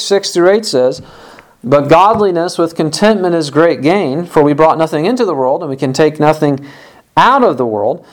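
A man's voice: on the high side, poor audio. A man preaching a sermon, a parent, emphatic and stressing points by repeating phrases. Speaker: pastor.

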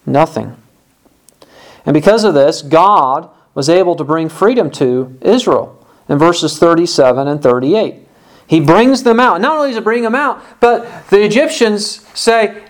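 A man's voice: a little high, a little slow, rough recording. A man preaching a sermon, a parent, emphatic and stressing points by repeating phrases. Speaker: pastor.

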